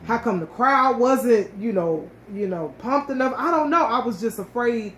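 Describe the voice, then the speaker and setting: Woman sharing her story, emotional and animated, restarts a lot, roomy echo with a faint hiss. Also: fairly high pitch, normal speed. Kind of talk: casual personal storytelling. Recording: echoey room with faint ambient noise.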